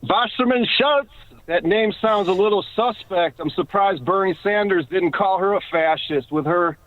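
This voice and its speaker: A man's voice: high voice, moderate pace, no echo. A man calling in to a talk radio show, speaking in a casual, scornful way. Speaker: caller. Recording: phone line.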